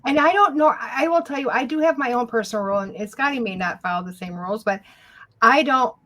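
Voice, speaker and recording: A woman appears as a guest medium in an interview, talking frankly and playing out short exchanges. Her voice sits a little high. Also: quick pace. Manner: frank, animated, acts out dialogue. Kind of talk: interview talk.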